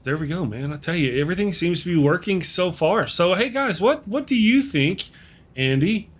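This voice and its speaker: A man's voice: high voice, lively intonation, normal speed. Upbeat man hosting a show. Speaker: show host. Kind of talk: casual chat.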